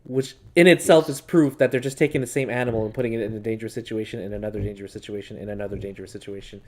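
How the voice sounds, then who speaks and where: A man's voice: fairly low pitch, fairly even intonation, very fast, darkish tone. A man chatting casually over a game, laughing often and swearing as he rambles through stories. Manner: profane, laughing, rambling storyteller. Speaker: gaming channel co-host. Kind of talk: casual chat over gameplay.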